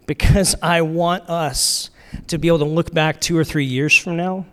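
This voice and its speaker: Smooth and fairly high-pitched, this pastor's voice holds a fairly even intonation at a moderate pace as he preaches in a church sanctuary. The sermon is relaxed and conversational with frequent fillers and restarts, heard through a big hall's long reverb.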